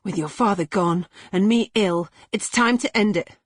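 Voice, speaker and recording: A woman's voice: medium pitch, normal speed, slightly rough, dry recording, clean studio sound, pitched above the performer's own voice, close to an everyday voice. A woman voicing a desperate, unstable mother who speaks in a harsh, strained way. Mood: despairing.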